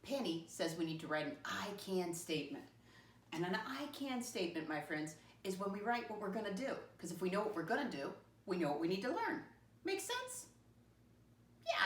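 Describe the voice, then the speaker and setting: A woman teacher giving a slow, sing-song math lesson to young children, spelling words out letter by letter. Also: lowish voice, sing-song. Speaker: first grade teacher. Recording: roomy classroom, mic at a distance.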